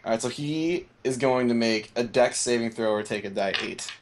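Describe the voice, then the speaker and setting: A man's voice: medium pitch, normal speed, background noise. A man playing a tabletop game, counting out his moves and checking the rules. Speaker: player. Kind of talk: casual game talk.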